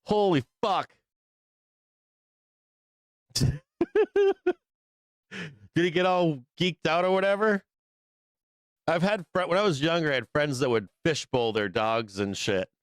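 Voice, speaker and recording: A man hosting a live trading stream, chatting casually in a profane, rambling, excitable way. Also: a little high, slow pace, pauses often, dry recording, clean studio sound. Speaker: livestream trading show host. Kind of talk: casual livestream chat.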